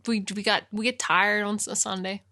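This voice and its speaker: A woman's voice: mid-range voice, fairly even intonation, brisk, sharp tone, no room sound, studio quality. A woman co-hosting a casual podcast, chatty and rambling, who giggles often. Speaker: podcast co-host. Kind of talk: casual chat.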